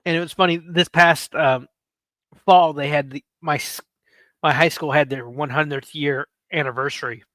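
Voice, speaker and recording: Chatting casually with viewers, this late-thirties livestream host wanders through stories and teases his chat. He talks at a moderate pace in a fairly high, sharp voice with fairly even intonation, and there's no echo.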